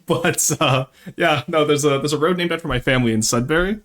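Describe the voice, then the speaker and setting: A man's voice: fairly high pitch, a little fast, fairly bright tone. A young man from Ontario, chatting casually on a live stream, reading chat and switching between English and French with frequent laughs. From Ontario, Canada.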